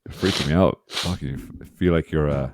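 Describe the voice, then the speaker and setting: A man's voice: extremely low pitch, brisk. A man co-hosting a podcast in casual chat, loose and teasing, swearing freely. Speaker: podcast co-host.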